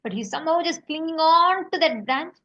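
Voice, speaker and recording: Woman, spiritual teacher; earnest storytelling, high voice, dull recording. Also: expressive, fairly quick, fairly bright tone. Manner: earnest storytelling, repeats words for emphasis.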